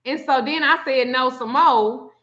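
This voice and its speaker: Bright-voiced, animated woman telling a story. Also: high-pitched, a little slow. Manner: animated, profane, acts out quotes. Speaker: spiritual reader and vlogger. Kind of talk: casual storytelling chat. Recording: muffled lo-fi sound.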